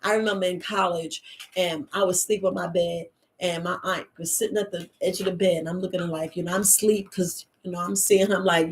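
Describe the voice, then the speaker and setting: A woman herbalist host, talking in a casual, animated monologue and acting out the voices she quotes. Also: fairly low pitch, brisk. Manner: animated storyteller, acts out quoted voices, laughs often.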